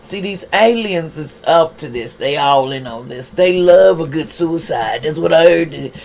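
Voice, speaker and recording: A man with a high voice reads tarot cards in a casual, streetwise way. He keeps asking rhetorical questions and talks straight to the viewer. A faint hiss sits under his voice. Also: expressive, measured pace, gravelly, a little mellow. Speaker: tarot reader. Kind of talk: casual tarot card reading.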